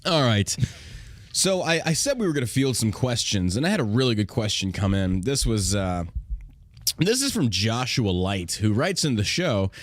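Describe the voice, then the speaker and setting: A man's voice: mid-range voice, sing-song, normal speed, no echo. An American man hosting a podcast, talking in a casual, profane and combative way, often laughing. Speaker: podcast host.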